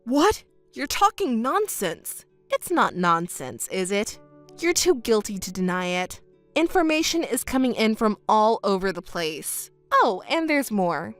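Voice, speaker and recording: A woman reading as a betrayed wife in a texting story, scornful, sharp and mocking. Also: mid-range voice, sing-song, measured pace, soft background music. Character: betrayed wife, adult woman, cold and cutting.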